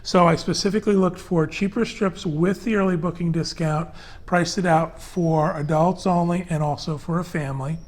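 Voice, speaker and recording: A male podcast host with a somewhat high voice chats loosely through a panel discussion. He peppers his talk with fillers and lays out details step by step. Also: steady tone, normal speed. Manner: chatty, loose and conversational with many fillers. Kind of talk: casual panel chat.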